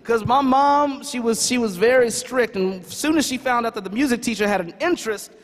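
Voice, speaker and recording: A man's voice: extremely high pitch, brisk. A man giving a motivational talk, telling a story, acting out the voices and calling on the audience. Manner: animated, acts out dialogue, calls on the audience. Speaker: keynote speaker. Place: large conference hall. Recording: reverberant hall.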